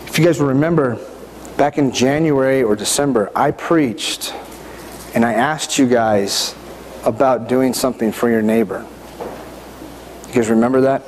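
A middle-aged male pastor preaches in a church, his voice medium-pitched and slightly mellow. He keeps a conversational tone and often puts questions to the congregation. The reverberant hall carries a faint background noise.

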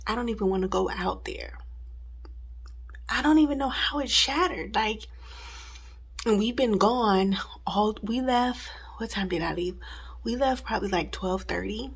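A woman's voice: medium pitch, unhurried, creaky, pauses often, breathy edge. A woman recording a casual home vlog, chatting straight to her viewers from her house. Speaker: home vlogger. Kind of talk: casual chat to camera.

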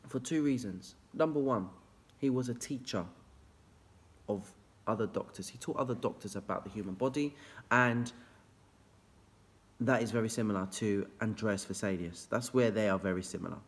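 Male teacher, animated and playful, pitch swings wide, chats straight at his students. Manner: excitable and jokey, big swoops in pitch, talks straight to students. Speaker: history teacher. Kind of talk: energetic revision video lesson. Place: classroom, filmed after school. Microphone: camera facing out toward board.

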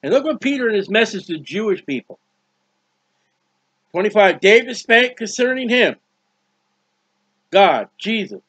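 A man's voice: high voice, big pitch swings, moderate pace, long pauses, a bit bright, breathy edge, dry recording. A man preaching a fervent sermon, with many restarts and repeated words. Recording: dull lo-fi recording.

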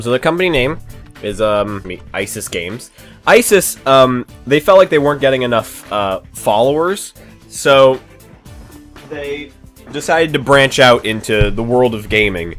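A gaming YouTuber, a man, riffs through comedic let's-play commentary in a goofy, joking way. His mid-range voice swings widely in pitch and breaks into sudden excited yelps. Faint game music plays underneath.

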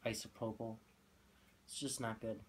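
A man co-hosting a casual product review, joking with goofy hype and deadpan asides. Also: lowish voice, moderate pace, husky. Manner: goofy, loud hype bursts, deadpan jokes. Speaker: co-host of a fragrance review channel.

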